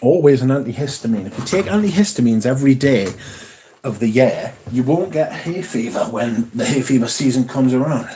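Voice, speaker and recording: Mellow-voiced man chatting on a casual livestream. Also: mid-range voice, lively intonation, fairly quick, a little hiss or hum. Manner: rambling, swears freely, reads viewer comments aloud. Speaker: fragrance livestream host. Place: at home.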